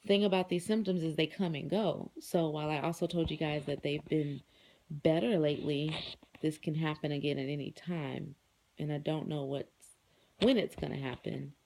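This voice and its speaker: With a deep, mellow voice edged with vocal fry, this adult vlogger, married with children, chats casually to her viewers. She rambles and uses many fillers.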